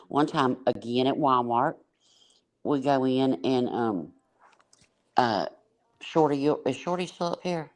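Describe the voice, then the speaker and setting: A woman's voice: rumbling low, measured pace, long pauses. Blunt woman telling stories. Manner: laughing, blunt storyteller. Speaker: livestream panel host. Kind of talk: casual storytelling on a panel.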